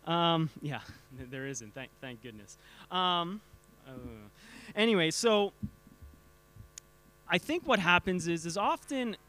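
A man's voice: on the high side, expressive, pushed and bright, smooth. A man teaching a church group in a casual talk, often stumbling over and repeating words while quizzing his listeners. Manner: halting, repeats words, asks the audience questions.

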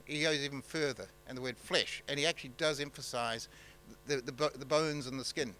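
NZ male pastor, bright forward tone, halting off-the-cuff sermon delivery, faint hum behind. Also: medium pitch, poor audio. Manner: halting, many fillers and restarts, conversational.

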